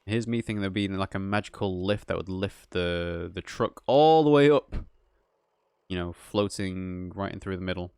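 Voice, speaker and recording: A man's voice: low voice, normal speed, darkish tone, clear, resonant tone, no room sound, clean studio sound. A man hosting a let's play, giving casual gameplay commentary full of musing, rambling asides.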